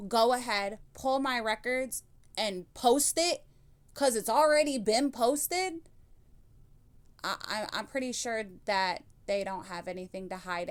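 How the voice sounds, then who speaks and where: A woman hosting a reaction commentary channel, blunt and scolding, swearing freely as she answers clips. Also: a little high.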